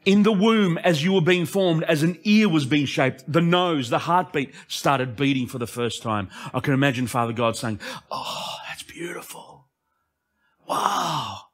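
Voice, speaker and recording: A male pastor preaching an impassioned sermon that swings between emphatic lines and hushed asides. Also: on the high side, moderate pace, hardly any pauses.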